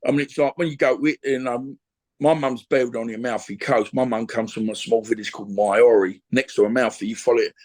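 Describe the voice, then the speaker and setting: A man's voice: mid-range voice, fairly even intonation, brisk, darkish tone. An older man, a former boxer telling a blunt, emotional story on a video call, restarting his sentences often. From England. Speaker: interview guest, former boxer.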